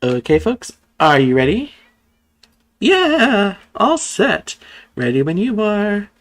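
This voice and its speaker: A streamer chatting casually over a game and reading its cutscene lines aloud in quick voices. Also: medium pitch, big pitch swings. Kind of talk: casual let's-play chat with voiced readings.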